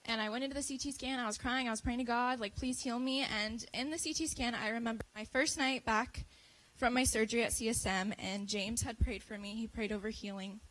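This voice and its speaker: Bright high-voiced teenage girl. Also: steady tone, brisk, rough recording. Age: teens. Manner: earnest, building to impassioned. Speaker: youth speaker giving a testimony. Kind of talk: church testimony talk. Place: church service.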